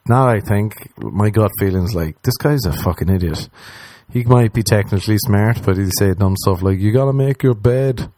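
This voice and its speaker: A young man ranting casually and comically, swearing often and mocking other people with quick impressions. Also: on the low side, a little mellow, no echo. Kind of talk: casual comedic rant.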